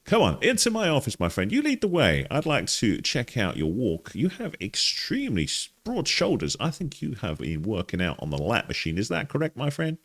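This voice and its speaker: A man's voice: mid-range voice, huge pitch swings, normal speed, few pauses, fairly bright tone, voice pushed up, heavily acted. A man voicing a jovial male therapist in a put-on slight Russian accent, calling everyone "my friend" while reading game dialogue aloud. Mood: hammy. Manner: theatrical, chummy, keeps saying "my friend".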